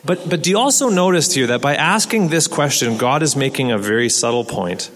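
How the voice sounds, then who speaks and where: A man's voice: mid-range voice, lively intonation, brisk, hardly any pauses, fairly bright tone. A man preaching a sermon in an earnest way, asking rhetorical questions and repeating words as he restarts. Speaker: pastor. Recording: long hall reverb.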